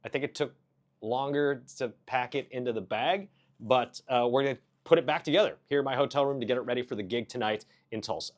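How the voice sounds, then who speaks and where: A comedian narrates his own vlog at a quick clip in a medium-pitched voice, muttering and cracking jokes at himself as he fiddles with gear in a hotel room.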